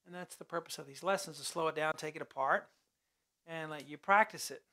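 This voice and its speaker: A man's voice: fairly high pitch, brisk. A man teaching an online piano lesson in a casual, chatty way, sometimes singing the notes as syllables. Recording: loud piano playing along.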